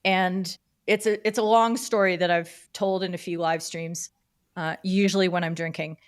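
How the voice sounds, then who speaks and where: A middle-aged woman from Canada, a guest on a podcast, telling stories about her career in a lively, casual way and acting out the voices of the people in them. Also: on the low side, moderate pace, clean tone. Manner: animated storyteller who acts out quoted dialogue. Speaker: podcast guest, field hockey umpire. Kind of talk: casual interview storytelling.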